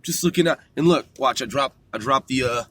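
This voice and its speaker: A man's voice: medium pitch, brisk, pushed and bright, a little hiss or hum. A man hosting a rambling solo talk from a car, loose and profane, laughing at himself. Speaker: podcast host.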